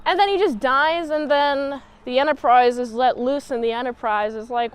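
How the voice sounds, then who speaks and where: A woman reviewer talks through an episode recap in a high, light voice. She rambles and jokes as she goes. Her energy is animated and playful. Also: normal speed, smooth. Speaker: show reviewer.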